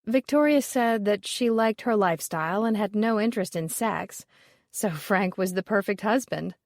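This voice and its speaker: A woman's voice: medium pitch, normal speed, no echo, close to an everyday voice. A woman reading the lines of a blunt, dismissive middle-aged woman appraiser in an audiobook, with a dry, offhand delivery.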